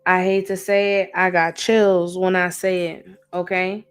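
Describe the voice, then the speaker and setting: A woman's voice: fairly low pitch, flat delivery, measured pace, smooth, soft background music. A woman hosting a livestream tarot reading, talking bluntly in slangy, casual speech and repeating phrases for emphasis.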